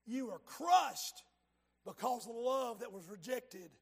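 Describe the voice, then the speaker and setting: Male preacher, raspy fry, fiery hushed-to-shouting sermon. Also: very high voice, animated, a little slow. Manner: fervent, dramatic preaching that swings from hushed to shouted.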